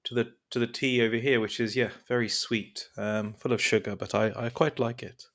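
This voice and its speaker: A man's voice: medium pitch, flat delivery, moderate pace, a bit bright, lightly acted. A man playing a polite traveler. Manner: polite, rambling. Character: English male traveler fond of sweet tea.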